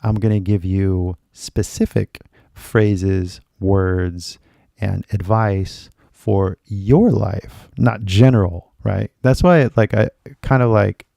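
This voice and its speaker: A man teaches English in a live-stream lesson, talking loosely and chattily with a slight American accent, packing in "like" and "right?" and slipping into Japanese now and then. His voice is on the low side, mellow, with vocal fry, fairly even intonation and a slow pace. The recording is dry and studio quality.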